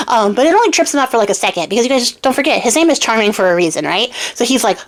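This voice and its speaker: A woman's voice: fairly high pitch, animated, rapid-fire, hardly any pauses. Young woman casually retelling a fairy tale, chatty, lots of um and like. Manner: chatty, filler-heavy, addresses viewers. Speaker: storyteller host.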